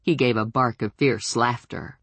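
A woman reads a first-person novel aloud with a wry, expressive delivery. Her voice is husky and sits mid-range, recorded dry and close. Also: extremely low pitch, unhurried, dry recording. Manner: wry, expressive storytelling with lively voiced dialogue. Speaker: audiobook narrator.

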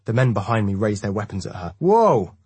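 A man reading a first-person audiobook in a measured, even way. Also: lowish voice, breathy edge, no room sound. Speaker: audiobook narrator.

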